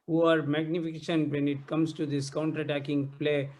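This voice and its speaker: A man co-hosting a football podcast, talking casually with many hesitant pauses. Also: a little high, level tone, a little mellow. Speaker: podcast co-host.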